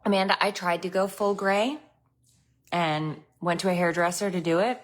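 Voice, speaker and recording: A woman's voice: fairly low pitch, steady tone, moderate pace, slight background noise. A woman host telling a story in a casual, chatty way, laughing often.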